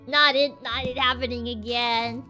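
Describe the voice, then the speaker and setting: A woman's voice: fairly high pitch, little pitch movement, moderate pace, pushed and bright, soft background music. A young woman streamer telling a story on a livestream in a playful, giggly, chatty way.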